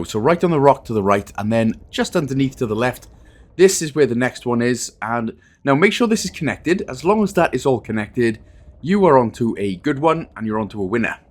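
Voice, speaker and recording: Chatty man with a lively voice. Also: mid-range voice. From Wales. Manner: chatty and self-deprecating, with jokey asides. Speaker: gaming guide host. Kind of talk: casual game walkthrough commentary.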